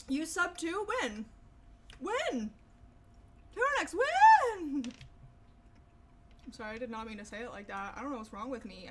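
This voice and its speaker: A woman's voice: on the high side, a bit bright, a little hiss or hum. A young woman chatting casually with her stream viewers, rambling and swearing freely. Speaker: livestreamer.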